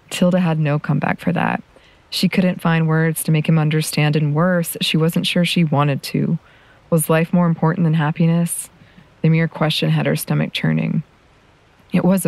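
A woman narrating a piece of fiction in a steady, measured storytelling voice. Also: sits low, creaky, dry recording, poor audio. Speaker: podcast host reading fiction. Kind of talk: audiobook narration.

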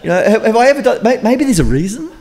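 A man's voice: very high-pitched, big pitch swings, fast talker, a little mellow, voice pushed up, full character voice. A man voicing a patient female donkey that pleads and reasons with her rider. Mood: pleading.

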